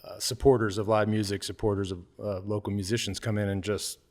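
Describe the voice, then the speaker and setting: A man's voice: on the low side, flat delivery, a little fast. A male podcast host in a bar lounge, chatty and rambling in casual interview conversation. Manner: rambling, chatty, many restarts and fillers.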